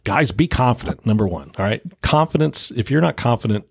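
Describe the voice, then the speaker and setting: A man's voice: medium pitch, lively intonation, brisk, creaky, slightly rough, no echo, clean studio sound. A man who is a pastor co-hosting a podcast, giving easygoing, plainspoken advice. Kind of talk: casual podcast discussion.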